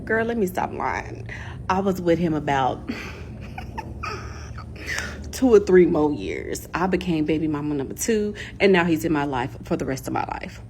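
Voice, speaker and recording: A woman spins a casual storytime to camera with a voice that swoops widely and sits a little low. She talks animatedly, laughing and acting out the people in her tale. A faint hiss runs underneath. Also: fairly quick. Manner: animated, laughing, acts out quotes with big pitch jumps. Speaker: storyteller vlogger.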